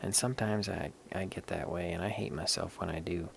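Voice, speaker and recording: Very gravelly low-voiced man. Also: fairly even intonation, brisk, slight background noise. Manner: rambling and candid, swears casually. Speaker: livestream host showing stones. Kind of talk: casual live-stream chat.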